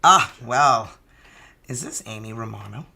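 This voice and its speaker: Lady in her 50s doing tarot on a livestream, bright crisp voice, jokey and chatty. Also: extremely low pitch, expressive, measured pace. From Canada. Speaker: tarot reader. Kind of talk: live-stream tarot reading.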